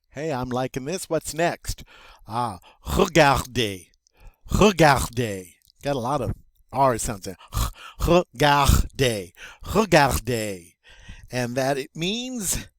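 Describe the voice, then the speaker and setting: A man teaching French vocabulary as a lesson, slow and playful with little jokes along the way. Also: mid-range voice, dry recording. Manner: slow, playful, jokey asides.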